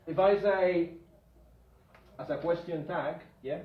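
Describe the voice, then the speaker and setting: A man teaching a grammar lesson in a classroom, with a slightly higher voice. He repeats his examples and keeps asking "yeah?" to check that his students follow. The room is echoey and the recording is distant and dull, with faint room sound behind him. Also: fairly even intonation, slight background noise. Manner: repeats example sentences slowly. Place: classroom with a whiteboard. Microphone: far from the speaker.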